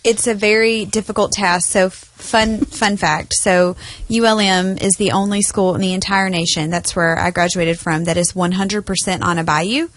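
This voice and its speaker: A woman's voice: mid-range voice, steady tone, normal speed, no room sound. A woman from Louisiana chatting casually on a podcast, telling a story. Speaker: podcast guest. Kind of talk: casual chat.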